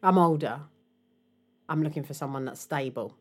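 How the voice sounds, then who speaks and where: Animated young woman. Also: low-pitched, moderate pace. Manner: animated, laughing, mimics voices in stories. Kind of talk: casual chat.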